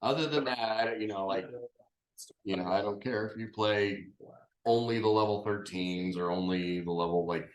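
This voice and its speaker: A man's voice: lowish voice, normal speed, a little hiss or hum. A man running a tabletop game as game master, explaining plainly in casual chat with some swearing. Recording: echoey room.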